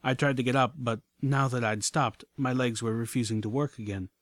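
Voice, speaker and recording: A man giving an earnest, steady first-person story narration. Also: mid-range voice, fairly quick, no echo. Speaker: audiobook narrator.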